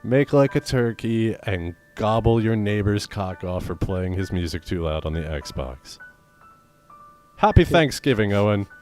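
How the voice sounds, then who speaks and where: Deep-voiced young man, deadpan podcast banter. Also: a little slow, soft background music. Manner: deadpan, rambling, crude jokes. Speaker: podcast co-host. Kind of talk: casual comedic banter.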